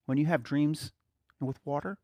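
A man's voice: a little high, normal speed, dry recording, highs cut off. A male preacher teaching a sermon to a small group, asking rhetorical questions and chuckling often as he talks.

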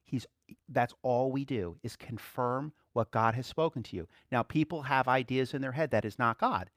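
A man preaching an informal sermon to a class, conversational and quick to laugh, swinging from emphatic outbursts to quiet asides. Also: medium pitch, no room sound, studio quality.

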